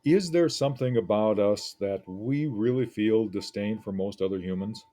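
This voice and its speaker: A man teaching a lesson, picking apart an essay in a deliberate, reflective way with frequent pauses. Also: lowish voice, warm tone.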